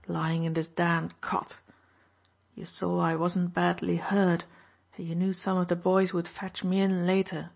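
A woman's voice: lowish voice, creaky. A woman reading an audiobook, voicing a weak, wounded male officer who snarls and taunts with open hostility. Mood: sneering. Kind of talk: audiobook narration.

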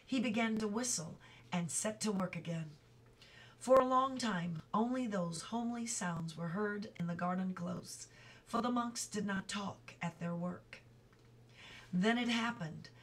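A woman reading a children's book aloud, slowly and carefully, with small slips she stops to correct. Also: mid-range voice, distant mic, low-quality recording. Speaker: reader.

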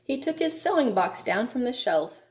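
A woman reading a children's storybook aloud in a slow, measured way. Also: a little high, sing-song. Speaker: reader. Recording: echoey room.

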